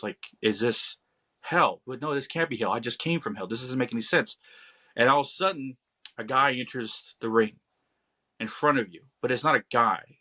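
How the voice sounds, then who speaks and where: A man's voice: medium pitch, bright, forceful tone. A man guest on a podcast telling an encounter story in casual conversation, speaking in a vivid second person and acting out scared voices.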